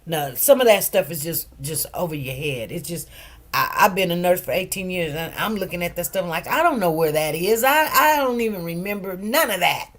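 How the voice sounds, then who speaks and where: A middle-aged woman talking casually on a livestream, telling stories with lively, preacherly emphasis that drops quieter when she turns serious. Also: fairly low pitch, moderate pace. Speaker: livestream host.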